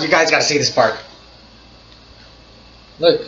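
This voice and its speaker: Young-sounding male reactor, excitable and giggly, tense bright tone, roomy lo-fi sound. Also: a little high, unhurried, pauses often. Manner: excitable, laughs often, repeats himself. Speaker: anime reaction channel host. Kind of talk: casual reaction commentary. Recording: dull, echoey room recording.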